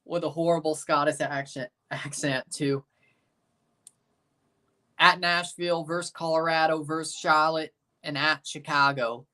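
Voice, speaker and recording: A man's voice: a little high, flat delivery, unhurried, bright, forceful tone. A man hosting a livestream watchalong, chatting casually, reading viewers' comments aloud and reacting to a soccer match with sarcastic asides.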